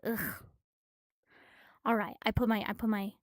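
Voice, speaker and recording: A woman streamer who is a little out of breath, rambling and gushing excitedly as she reads a comic aloud in a casual chat from her room. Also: on the high side, unhurried, no room sound, clean studio sound.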